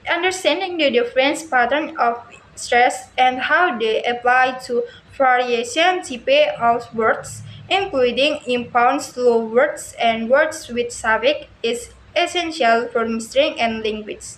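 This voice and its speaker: Woman, high voice, slow careful reading, halting restarts, echoey room, faint hiss. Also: a bit bright. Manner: halting, with frequent restarts and misreadings. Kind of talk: reading a prepared lesson aloud.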